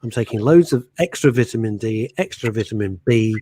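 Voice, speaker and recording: A man co-hosting a radio talk show who reads listener messages aloud in a theatrical, animated way and laughs often. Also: lowish voice, a little fast, no room sound. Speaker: radio co-host. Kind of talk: casual radio chat, reading listener messages.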